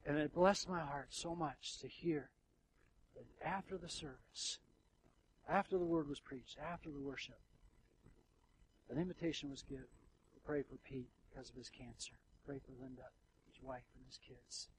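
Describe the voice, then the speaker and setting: A man preaching a sermon as the pastor of a church, swinging from hushed, intimate passages to loud, fervent ones, with ironic asides. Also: on the high side, moderate pace, pauses often, a little hiss or hum, poor audio. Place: church sanctuary.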